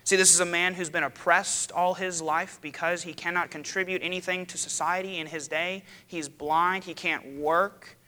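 A man preaching a sermon to his church, dramatic and building to loud cries. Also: high-pitched, steady tone, moderate pace, hardly any pauses. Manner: dramatic, rising to loud cries when quoting. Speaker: pastor.

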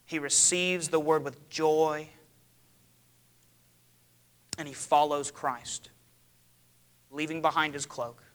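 A man preaching a sermon to his church, dramatic and building to loud cries. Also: a little high, steady tone, slow, pauses often. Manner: dramatic, rising to loud cries when quoting. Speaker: pastor.

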